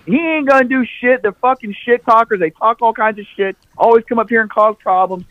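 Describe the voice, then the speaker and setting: A man's voice: very high-pitched, brisk, dry recording, muffled recording, pitched above the performer's own voice. A man doing a bossy tough cashier lady. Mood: scolding. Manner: bossy, profane, scolding. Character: big tough cashier woman throwing people out.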